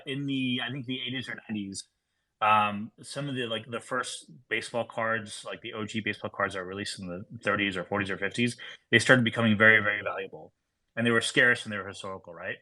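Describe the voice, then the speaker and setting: A man's voice: fairly low pitch, pushed and bright. A man in a casual podcast discussion, talking in a rambling way with lots of "like" and restarts. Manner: rambling, heavy use of "like".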